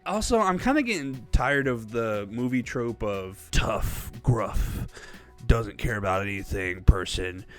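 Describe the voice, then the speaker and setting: A young man giving a casual, rambling movie review vlog, animated and quick to laugh. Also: medium pitch, faint music behind.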